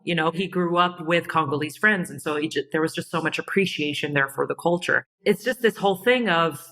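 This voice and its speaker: Podcast guest, woman, low bright voice, thoughtful and laughing. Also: brisk, poor audio. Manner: thoughtful, laughs often, restarts sentences. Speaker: podcast guest, designer and content creator. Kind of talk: casual conversational interview.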